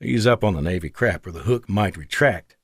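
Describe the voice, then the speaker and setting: Brief: man doing a joking, affectionate jet pilot, lively pitch, dry studio read. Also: moderate pace, breathy edge, no room sound, exaggerated voice. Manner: wry, joking.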